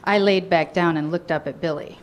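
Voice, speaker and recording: A woman's voice: lowish voice, steady tone, fairly quick, highs cut off, noisy background. A woman reading aloud from her own memoir in a frank, cheeky storytelling manner, laughing often between lines.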